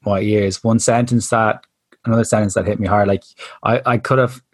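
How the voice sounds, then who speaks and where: A man hosts a podcast interview in a low voice, recorded dry with no room sound. He talks in a loose, rambling way and pokes fun at himself between questions. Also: fairly even intonation, moderate pace, dry recording. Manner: rambling and chatty, self-deprecating. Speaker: fitness podcast host. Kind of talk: casual interview chat.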